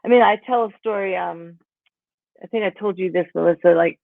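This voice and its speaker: A woman's voice: on the low side, brisk, vocal fry, dry recording. A woman in her sixties from Pennsylvania, an author telling stories about her life in a rambling, casual way, full of "you know" and "like". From Pennsylvania, USA. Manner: rambling, filler-heavy, with frequent "you know" and "like". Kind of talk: casual conversational storytelling. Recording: tinny phone-like call audio.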